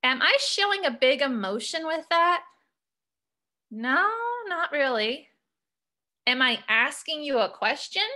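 A woman teacher walking young students through a punctuation lesson, reading sentences aloud slowly and asking prompting questions. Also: sits high, lively intonation, pushed and bright.

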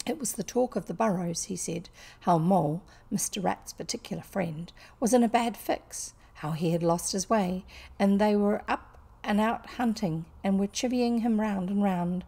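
A woman voicing a hearty, cheerful male otter who tells his adventure in lively, boisterous fashion, in a storybook reading. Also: mid-range voice, gravelly, breathy edge.

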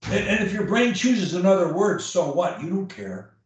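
A man's voice: high voice, big pitch swings, moderate pace, slight background noise. A man coaching a client on her speech, blunt and emphatic, repeating key phrases to drive them home. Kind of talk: one-on-one coaching session. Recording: echoey room, far from the mic.

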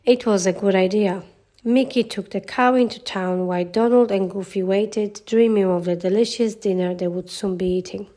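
A woman's voice: medium pitch, steady tone, normal speed, mellow. Woman reading a children's storybook. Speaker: storybook narrator. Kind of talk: children's storybook read-aloud.

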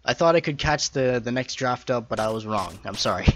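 A man's voice: mid-range voice, animated, brisk, fairly bright tone. A man giving casual, jokey, self-deprecating commentary as he plays a video game. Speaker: let's play host. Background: faint game music.

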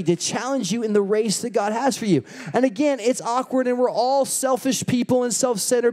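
A pastor preaching a sermon with animated storytelling and rousing emphasis. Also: male voice, high voice. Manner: animated storytelling, acting out quotes.

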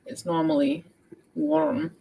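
A woman's voice: lowish voice, very animated, slow pace, creaky, dark tone, slightly rough, low-quality recording. A young woman hosting a reading livestream, chatting casually and reading out viewers' updates. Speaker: book vlogger hosting a readathon livestream. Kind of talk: casual chat.

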